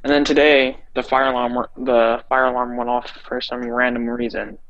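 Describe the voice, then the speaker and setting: A young man co-hosts a podcast and talks casually about his week. His voice sits at an ordinary pitch, and he answers in a plain, matter-of-fact way. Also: little pitch movement, moderate pace, a bit bright, dull audio. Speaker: podcast co-host. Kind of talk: casual chat.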